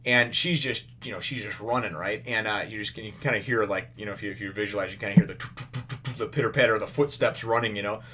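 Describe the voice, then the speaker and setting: A man's voice: lowish voice, fairly even intonation, fast, sharp tone, a little hiss or hum. A man casually retelling a comic chapter in a review, rambling with lots of "you know" fillers. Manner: retells the story animatedly. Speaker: manga reviewer.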